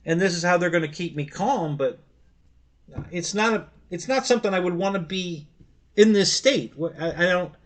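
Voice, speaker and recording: Middle-aged male stream host, slightly high pitch, halting and rambling, chuckles often. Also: expressive. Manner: rambling, halting storyteller with many restarts; laughs easily while telling stories. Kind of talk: casual live-stream chat.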